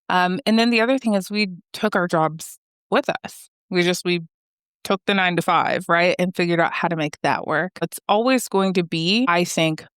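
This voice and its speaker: A woman from the United States in her thirties, a podcast guest talking in a chatty, animated way with many fillers. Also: on the low side, clear, resonant tone, no echo, studio quality. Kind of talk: conversational interview.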